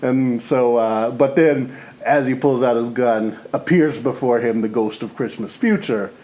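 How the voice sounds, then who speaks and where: A man co-hosting a comedy podcast, rambling through a movie pitch full of "you know" and "or whatever" and laughing often. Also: measured pace, darkish tone, poor audio. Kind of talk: casual comedic chat.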